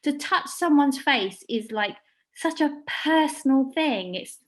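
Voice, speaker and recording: A woman, a makeup artist, talking casually in an interview, blunt and animated, swearing freely and acting out quotes as she tells stories. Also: high-pitched, a little slow.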